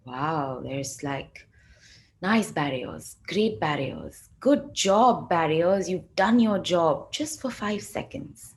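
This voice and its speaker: A woman leading a group video call, guiding a relaxed exercise with loose, chatty phrasing and drawn-out soft instructions. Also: fairly low pitch. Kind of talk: guided energy exercise, casual.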